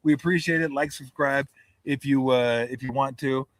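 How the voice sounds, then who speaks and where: A man hosting a casual sports podcast among friends. His voice sits at an everyday middle pitch, and he spins loose, profane stories while breaking into laughter. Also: fairly even intonation, normal speed, no room sound. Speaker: podcast host. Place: vacation house with friends in Tahoe.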